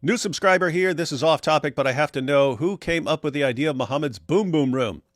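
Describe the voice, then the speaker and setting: A man's voice: fairly high pitch, fairly quick, no room sound. Middle-aged guy hosting a livestream, blunt and sarcastic, dry close sound. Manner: blunt, sarcastic, reads viewer chat aloud. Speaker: livestream host. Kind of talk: casual live-stream chat.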